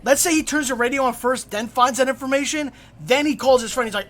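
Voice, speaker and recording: A man's voice: very high voice, fast. Rambling, profane young male streamer. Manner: rambling, profane, excitable storyteller. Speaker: live streamer. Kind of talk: casual live-stream storytelling.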